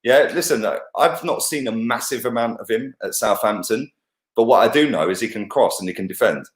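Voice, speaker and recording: A co-host football pundit with a mid-range voice talks a little fast, delivering blunt, heated, sweary opinions full of "yeah" and "bruv". The sound is roomy.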